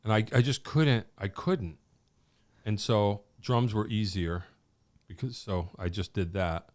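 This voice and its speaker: A man's voice: fairly low pitch, measured pace, darkish tone. A man hosting a podcast, chatting casually and telling stories with dry, self-mocking jokes. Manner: dry, joking self-deprecation. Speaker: podcast host.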